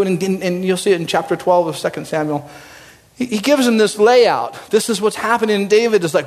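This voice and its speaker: Man, pastor, conversational sermon, slightly high-pitched, big swings in loudness, long hall reverb. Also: brisk. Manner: animated and conversational, with sudden swings from loud and high to low and quiet.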